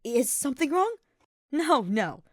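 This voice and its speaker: A woman's voice: high-pitched, sing-song, a little slow, no echo, studio quality, pitched above the performer's own voice. A woman reading the lines of a playful, confident young male knight with a smirking delivery. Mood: teasing.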